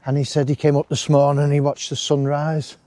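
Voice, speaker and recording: A walking vlogger talks casually through a stroll in a wooded park, rambling and adding friendly asides. His voice is a little high, mellow, and monotone, delivered fairly quickly with no room sound.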